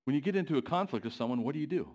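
A man delivering a sermon in a church, often pausing to put questions to the congregation. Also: medium pitch, expressive, a little mellow. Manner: asks the congregation questions, pacing varies. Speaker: preacher.

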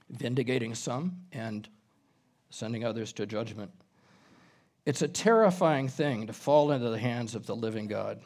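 A man preaching an expository sermon as a pastor, reading scripture aloud and explaining it verse by verse, now and then clearing his throat. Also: mid-range voice, darkish tone.

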